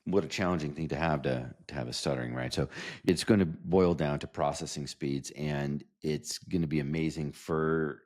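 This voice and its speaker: Very deep-voiced enthusiastic male podcast host. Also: steady tone, moderate pace, darkish tone. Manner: enthusiastic, effusive, restarts often. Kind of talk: casual podcast interview.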